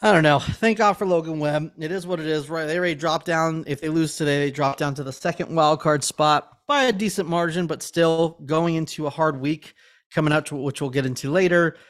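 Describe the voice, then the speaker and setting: A man's voice: a little high, fairly quick, fairly bright tone. A man co-hosting a casual sports podcast, rambling and swearing in frustration. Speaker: podcast co-host.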